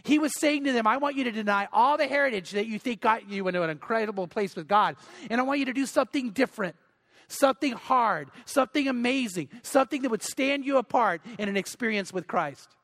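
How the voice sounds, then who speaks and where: A man's voice: very high voice, expressive, fairly quick, a bit bright. A male pastor preaching a sermon in an earnest, pleading way, often repeating words for emphasis.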